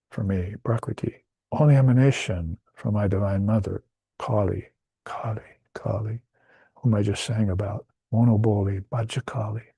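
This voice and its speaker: A man's voice: fairly low pitch, dark tone, dry recording. A man giving a spiritual talk as a teacher, explaining Sanskrit terms with fillers and restarts along the way.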